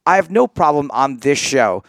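A man's voice: on the high side, expressive, normal speed, gravelly, no room sound, clean studio sound. An American man co-hosting a podcast, joking and laughing often with rambling asides in casual banter. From United States. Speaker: co-host.

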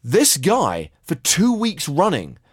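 A man's voice: a little high, wildly swooping pitch, takes it slowly, husky, no room sound. A man co-hosting a podcast in casual chat, with dry, wry commentary. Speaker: podcast co-host.

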